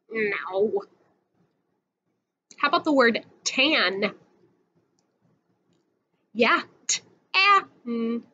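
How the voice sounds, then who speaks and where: A woman's voice: on the high side, sharp tone, lo-fi sound. A woman teacher giving a patient, sing-song phonics lesson to young children, drawing out each sound.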